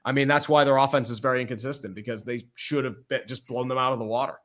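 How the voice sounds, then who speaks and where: A man's voice: medium pitch, fairly even intonation, fast talker, fairly bright tone. A young man co-hosting a casual sports podcast, reading out viewer comments with crude jokes. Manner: crude, joking, reads out viewer messages.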